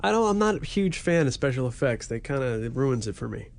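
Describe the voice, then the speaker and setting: A man chatting casually as co-host of a movie review show. His delivery is dry and offhand, with a joking edge. He speaks at an ordinary, middle pitch. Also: big pitch swings, fast, gravelly, no echo. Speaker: podcast co-host.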